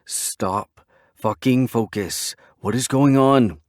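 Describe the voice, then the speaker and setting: A man voicing a blunt, steady male biker who talks firmly to a panicking friend. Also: medium pitch, slow, dry recording, clean studio sound, voice pushed up, natural voice. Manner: firm, blunt.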